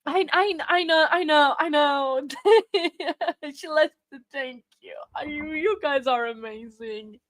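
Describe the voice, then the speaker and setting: A woman's voice: high voice, fairly bright tone, no echo. Tearful woman livestreamer, dry close sound. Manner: emotional, tearful, laughing, halting and repetitive. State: crying. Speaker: livestream host. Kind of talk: casual livestream chat with viewers.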